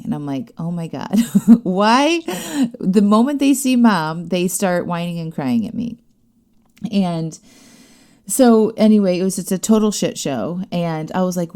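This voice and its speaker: A woman in her thirties hosting a podcast, telling a personal story in a chatty, animated way with many fillers. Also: lowish voice. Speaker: podcast host. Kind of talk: casual storytelling monologue.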